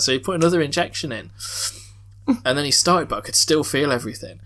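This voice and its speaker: A man's voice: a little high, fast, a bit bright, a little hiss or hum. A young man hosting a podcast, telling stories in casual chat, swearing freely and laughing often. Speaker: podcast host. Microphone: headset mic with headphones.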